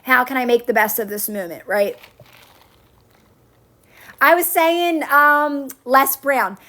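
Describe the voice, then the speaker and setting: Speaking slowly in a high, pushed and bright voice, a woman runs a casual livestream where she coaches viewers, replies to comments, and repeats phrases for reassurance.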